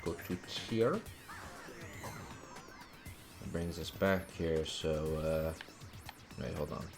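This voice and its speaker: A man with a deep, creaky voice streams a video game, offering casual gameplay commentary. He stays laid-back and mutters to himself as he plays.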